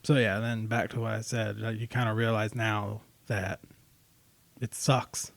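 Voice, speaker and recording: A man's voice: on the low side, level tone, unhurried, gravelly, no echo. A man co-hosting a casual podcast, teasing his friend and offering offhand readings of song lyrics. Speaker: podcast co-host.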